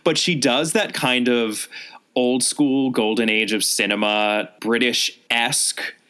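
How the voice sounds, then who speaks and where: A man co-hosting a podcast, chatting about a mystery novel in an animated, wry, gossipy way. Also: medium pitch, takes it slowly, clear, resonant tone. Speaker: podcast co-host. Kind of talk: casual chat review.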